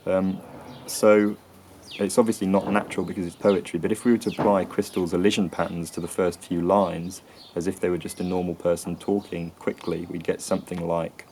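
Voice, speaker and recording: A man with a very deep voice talks through an educational explainer in a level, even tone, pausing to hedge and correct himself. He is recorded outdoors near a tree, with faint ambient noise in the background. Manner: measured, explanatory, self-correcting. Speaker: video presenter on accents. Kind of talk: educational talk to camera.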